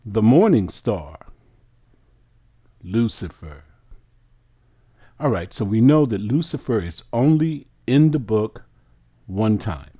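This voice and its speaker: A man teaching from scripture, reading word definitions aloud in a deliberate, drawn-out way and addressing listeners as brothers and sisters. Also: on the low side, very animated, warm tone, husky. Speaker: bible teacher. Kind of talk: slow scripture study teaching.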